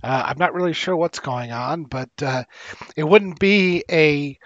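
A man's voice: on the high side, unhurried, a bit bright, no echo, lo-fi sound. A man co-hosting a podcast through a headset mic, blunt and complaining, talking casually with swearing. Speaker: podcast co-host. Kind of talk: casual chat.

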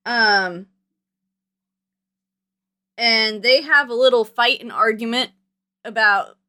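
A woman's voice: on the high side, slow pace, sharp tone, clear, resonant tone. A woman co-hosting a podcast, chatting casually as she retells a movie plot, filling gaps with "like" and "um". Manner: chatty, storytelling, fills gaps with "like" and "um". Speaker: podcast co-host. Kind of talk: casual movie recap chat.

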